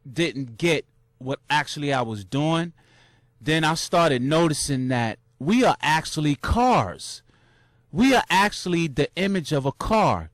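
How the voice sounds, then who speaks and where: A young man casually recounting a marathon, animated and full of slang, jumping into high shouts when he acts out cheering crowds. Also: no room sound, clean studio sound. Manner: loose, repetitive slang with many restarts. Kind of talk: casual storytelling monologue.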